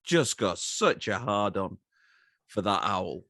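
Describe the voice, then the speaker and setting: A man with a somewhat low voice riffing on a cheap action movie for a podcast. He pauses on fillers and puts on quick voices for quoted lines. The sound is dry and close. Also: expressive, fairly bright tone, dry recording. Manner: hesitant fillers, jokey, acts out quotes. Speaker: podcast co-host. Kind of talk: casual comedic movie chat.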